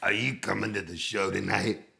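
A man imitating a bemused older male singer who asks dry, deadpan questions. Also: on the low side, moderate pace, gravelly, heavily acted.

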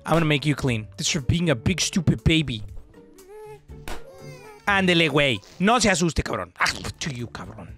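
A man's voice: on the high side, very animated, moderate pace, long pauses, a bit bright, soft background music. A young man, joking and swearing through casual let's-play commentary and mixing in slang. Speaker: gaming streamer.

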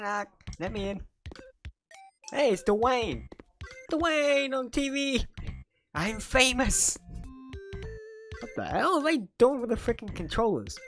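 A woman hosting a gaming video, giving casual commentary while she plays, excitable and blurting out reactions. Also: mid-range voice. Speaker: gaming channel host.

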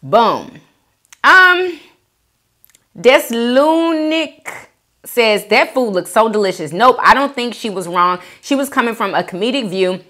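Chatty woman with a lively voice. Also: fairly high pitch, slow pace. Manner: chatty, reads comments aloud and reacts with gushing thanks. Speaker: mukbang host reading viewer comments. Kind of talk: casual chat while eating.

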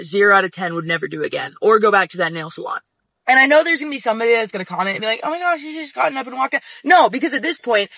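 A man's voice: high voice, bright, forceful tone, no echo. A man telling a storytime monologue to camera, venting emphatically and swearing freely. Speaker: social media storyteller.

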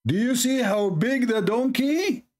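A man hosting a religious debate, reading a text aloud and mocking it sarcastically with sudden high-pitched jabs. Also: animated, unhurried. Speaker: debate host.

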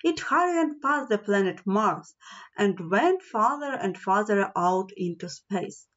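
A woman reading a fairy tale aloud, slowly and expressively. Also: medium pitch, animated, a bit bright. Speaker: storyteller. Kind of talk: storybook reading. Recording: dull lo-fi recording.

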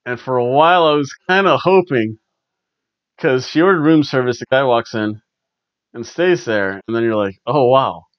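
A man's voice: mid-range voice, expressive, moderate pace, dry recording. Wry man rambling through a wrestling recap. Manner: rambling and wry, with frequent chuckles. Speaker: podcast host. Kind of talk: casual wrestling review chat. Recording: dull lo-fi dry recording.

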